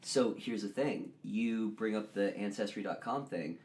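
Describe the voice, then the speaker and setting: A man hosting a podcast, chatting casually and joking, with sudden loud bursts of laughter and excitement. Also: lowish voice, measured pace. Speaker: podcast host. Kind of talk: casual chat.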